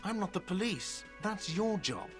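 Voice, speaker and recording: A man's voice: high voice, very animated, a little slow, over music. A man voicing an irritable, petty cafeteria manager in a video game, whiny, defensive and sarcastic.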